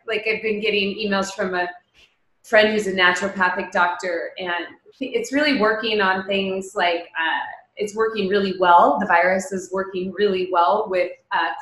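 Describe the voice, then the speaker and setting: A woman's voice: medium pitch, a bit bright, roomy sound, low-quality recording. A woman teaching a meditation class, talking casually and emphatically, with lots of rhetorical questions. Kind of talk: casual spoken talk before a guided meditation.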